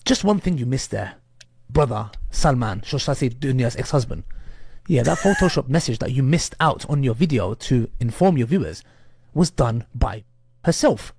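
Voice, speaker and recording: A man's voice: mid-range voice, animated, normal speed, gravelly, darkish tone, a little hiss or hum. A man addressing his online audience, emphatic and mocking.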